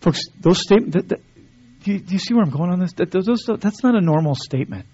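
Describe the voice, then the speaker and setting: A man's voice: high-pitched, lively intonation, fast, warm tone, slightly rough. A man preaching a sermon to his church, talking conversationally with many restarts and building to emphatic stretches. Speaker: pastor. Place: church sanctuary. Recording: dull lo-fi sermon recording.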